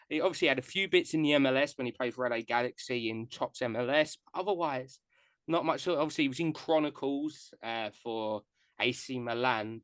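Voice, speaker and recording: A man's voice: mid-range voice, fairly bright tone, no echo. A man hosting a casual podcast chat, an enthusiastic and self-deprecating fan of the players he discusses. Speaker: podcast host. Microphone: podcast mic on live stream.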